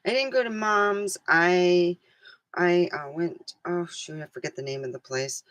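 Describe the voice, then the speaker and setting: A woman vlogging in a rambling, hesitant way, losing her train of thought, then leading a slow guided meditation. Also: lowish voice, fairly bright tone, no room sound, rough recording. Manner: soothing, slow guided relaxation. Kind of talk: casual chat and guided meditation.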